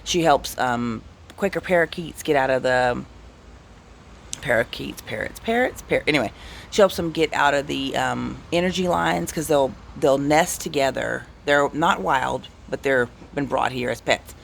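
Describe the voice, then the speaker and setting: A man's voice: medium pitch, unhurried, vocal fry, slight background noise. A man telling casual, rambling anecdotes on his vlog. He cuts himself off and restarts often. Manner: rambling, self-interrupting, animated anecdotes. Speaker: vlogger. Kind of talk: casual storytelling.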